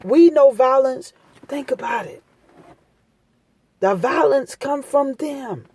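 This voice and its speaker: A woman's voice: high-pitched, expressive, slow pace, a little mellow, slightly rough. A woman talking straight to her viewers in a casual, impassioned monologue, blunt and preachy, hammering her points home by repeating them. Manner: street-talk, blunt. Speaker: vlogger giving advice.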